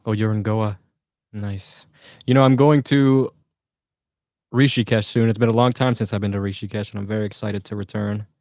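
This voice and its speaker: A man's voice: lowish voice, fairly even intonation, moderate pace, a little mellow, no room sound, studio quality. A man from the United States chatting casually on a livestream, joking and answering viewer comments.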